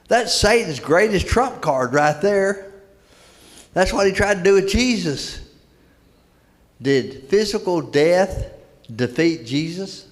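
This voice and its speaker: A man's voice: fairly high pitch, expressive, a little slow. An older man preaching a sermon in a church, telling stories in a folksy way and repeating key words for emphasis. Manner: folksy storytelling, emphatic repetition. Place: church sanctuary. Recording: long reverb of a church hall.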